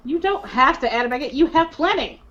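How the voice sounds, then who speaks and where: A woman's voice: sits high, animated, a little fast, fairly bright tone, lo-fi sound. A woman player in a tabletop game stream, bantering and joking in a teasing, playful way on a noisy home mic. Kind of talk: casual banter among players.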